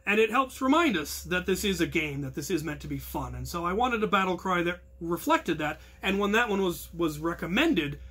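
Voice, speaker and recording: This captain and instructor of a hobby combat crew speaks in a high, husky, sing-song voice, a little fast and with few pauses. Earnest and explanatory, he walks the crew through its protocols, breaking out now and then into loud call-outs.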